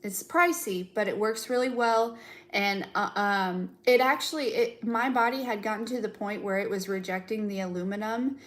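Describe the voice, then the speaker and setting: A young woman giving a spiritual reading in a loose, chatty way, trailing off with fillers and breaking into giggles. Her pitch sits in an ordinary middle range, and she drops in the odd curse word without slowing down. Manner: chatty, giggly, swears casually, many fillers. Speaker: tarot reader. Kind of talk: casual spiritual live chat.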